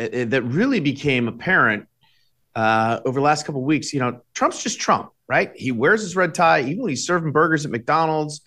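A middle-aged man speaking as a guest commentator on a talk show, measured and halting, with frequent restarts. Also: medium pitch, a bit bright. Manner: measured, with many restarts and fillers. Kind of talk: casual political commentary.

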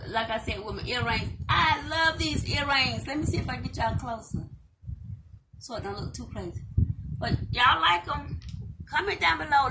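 A middle-aged woman chatting casually to viewers in a haul video, repeating herself and calling them y'all. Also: on the high side. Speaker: vlogger. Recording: echoey room, mic at a distance, loud noise.

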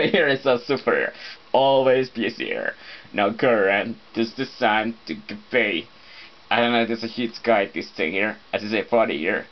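A man's voice: mid-range voice, lively intonation, unhurried. Playful man humming, lo-fi home video. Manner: loose and playful, breaks into humming and scat sounds. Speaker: vlogger. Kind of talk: rambling casual vlog chat. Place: shared apartment indoors. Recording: dull lo-fi home video audio.

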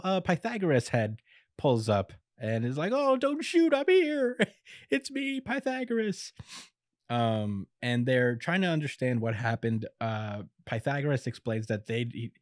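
A young man in a casual podcast recap, easygoing and quick to laugh at his own summary. His voice sits at an ordinary middle pitch. The recording is dry and close, with no room around it. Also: no echo. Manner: laid-back, chuckles often, acts out quotes in quick bits. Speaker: podcast co-host recapping manga. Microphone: podcast microphone.

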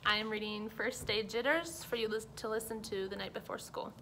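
A woman reading a children's picture book aloud, expressive and paced for young listeners. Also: medium pitch, fast talker, a little hiss or hum, low-quality recording. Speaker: storyteller. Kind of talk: children's story read-aloud.

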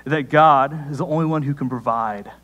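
A young man preaches in a relaxed, conversational sermon, telling a story from his week. His voice sits a little high and leaps upward when he gets excited. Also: normal speed, lo-fi sound. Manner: conversational storytelling with sudden rises in pitch. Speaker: pastor.

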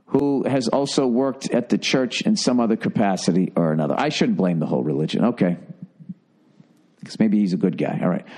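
A man's voice: lowish voice, darkish tone. A man hosting a comedy podcast, reading listener letters aloud and breaking in with profane, sarcastic remarks.

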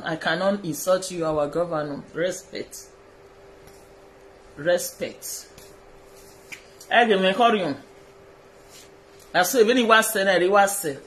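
A social media personality from Edo State, Nigeria, records a direct-address video message in a Nigerian accent. His voice sits high with a fairly bright tone. He pleads deferentially, repeats his phrases, and blends pidgin with colloquial English.

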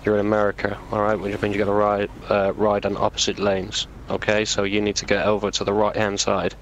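A British man playing a police officer in a game role-play, relaxed and informal with hesitant fillers. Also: on the low side, a little fast, a little hiss or hum, poor audio. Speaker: player acting as a police officer.

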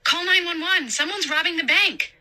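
A woman's voice: very high-pitched, moderate pace, bright, forceful tone, pitched above the performer's own voice, heavily acted. A woman reading a story aloud and voicing a frightened but brave young mall worker in a raised, urgent voice. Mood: panicked. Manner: urgent, breathless, alarmed.

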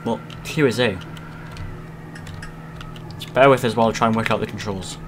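A man commentating his horror game playthrough, swearing a lot and shouting at the game when it frightens him. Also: lowish voice, moderate pace, background noise. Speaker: let's play host. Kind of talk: gaming commentary.

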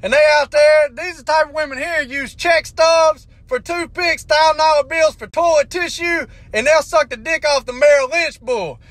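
A middle-aged man, telling a crude comic story in a loud, drawling rant from inside a vehicle. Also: extremely high pitch, moderate pace, hardly any pauses, dry recording. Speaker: comedian. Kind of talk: comedic rant to camera.

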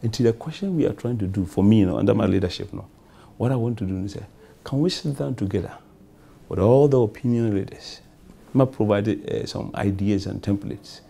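Fairly quick and lowish, the man's voice is husky and creaky with a warm tone. He's a Ghanaian MP on a talk show, giving repetitive, wandering answers in a mix of English and Twi.

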